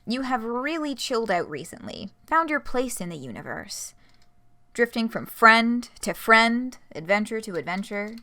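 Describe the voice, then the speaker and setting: A woman streamer reads the narration of a visual novel aloud in a steady storytelling way. Her voice sounds bright and lively, with a wide, animated pitch range. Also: moderate pace. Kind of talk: reading game narration aloud.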